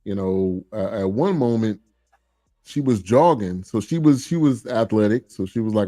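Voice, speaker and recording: A man hosting a podcast, agreeing often and explaining in a steady, casual way. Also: lowish voice, normal speed, no echo. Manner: agreeable, steady explaining with frequent "right" and fillers. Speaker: podcast host. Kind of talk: casual chat.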